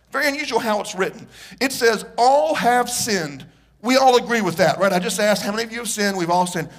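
Man, preacher, sermon, storytelling, high voice. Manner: animated, joking storyteller with the congregation. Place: church.

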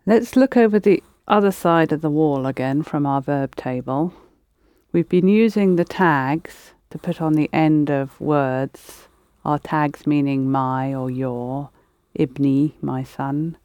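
Teacher, patient step-by-step explainer, medium pitch, dry close sound. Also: takes it slowly, darkish tone, clean tone, dry recording. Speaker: language teacher. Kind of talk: guiding students through spoken drills.

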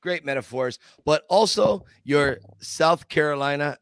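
A man co-hosting a podcast in casual, animated chat, enthusiastic and laughing often. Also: fairly high pitch, unhurried, clear, resonant tone, dry recording, clean studio sound. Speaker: podcast co-host.

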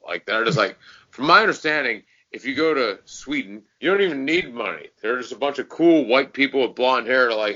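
A man's voice: medium pitch, expressive, a little fast, bright, forceful tone, dull audio. A man, a comedian co-hosting a casual podcast chat, joking crudely and swearing a lot.

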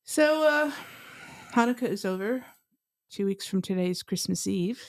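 A woman's voice: mid-range voice, expressive, moderate pace. A woman hosting a talk show, chatting in a wry, opinionated way. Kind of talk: casual talk show chat.

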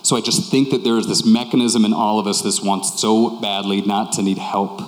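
Low-voiced man preaching in an echoey hall. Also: little pitch movement, normal speed. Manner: conversational and candid, repeating key phrases. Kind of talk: sermon. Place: church hall with congregation. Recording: echoey hall with long reverb.

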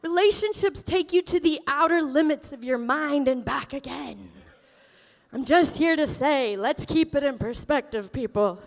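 High-voiced woman pastor preaching. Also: measured pace, vocal fry, long reverb tail. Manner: emotional, laughing often, animated storytelling. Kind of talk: sermon. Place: church sanctuary.

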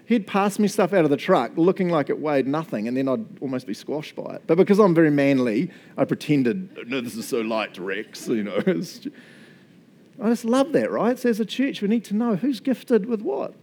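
Male pastor, relaxed chatty sermon, fairly high, very animated delivery. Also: brisk, hardly any pauses. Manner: casual, chatty, laughs often.

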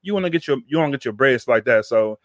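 A man hosting a podcast talks at a quick clip, rambling along and circling back on his words with casual slang. His voice sits at an ordinary pitch, and the sound is close and dry with no room around it. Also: expressive, no room sound. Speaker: podcast host. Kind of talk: casual chat.

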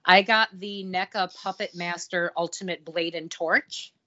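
A woman with a slightly low voice chats and tells stories casually. The recording sounds a bit muffled. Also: fairly even intonation, a little slow, sharp tone. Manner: chatty storyteller, playful teasing. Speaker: podcast co-host. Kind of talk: casual chat.

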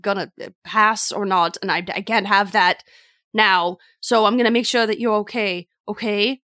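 A woman at a tabletop game speaks with emotion and casual swearing. Her voice is mid-pitched, and the recording is dry and close. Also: steady tone, moderate pace, pushed and bright, no echo. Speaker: player.

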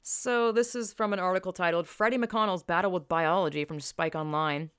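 A woman's voice: on the low side, steady tone, brisk, clear, resonant tone, no echo, studio quality. A young woman hosting a podcast, talking bluntly and emphatically with frequent swearing and exclamations. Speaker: podcast host. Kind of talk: casual opinionated podcast commentary.

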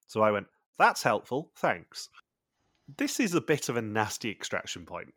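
A man with a low voice talks through a show's plot in a relaxed, chatty way. His voice sits close and dry on the mic, with no room around it. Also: fast talker, no room sound. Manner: chatty, recaps plot points in long runs. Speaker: podcast host. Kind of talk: casual chat recapping a TV show.

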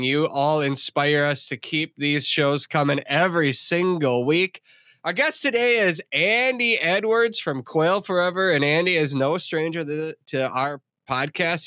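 Male podcast host, bright crisp voice, close dry sound. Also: fairly high pitch, no room sound. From Minnesota. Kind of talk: casual podcast interview.

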